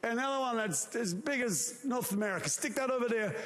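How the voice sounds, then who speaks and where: A man voicing God as an excited, booming boss ordering angels to set up a giant sound system, shouting his commands. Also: a little fast, big-room sound. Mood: commanding.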